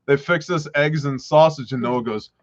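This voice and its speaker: A man hosting a livestream, telling an animated story and laughing often as he acts out the other people's voices. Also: on the high side, moderate pace, very noisy. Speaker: prepper channel host. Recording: dull lo-fi livestream audio.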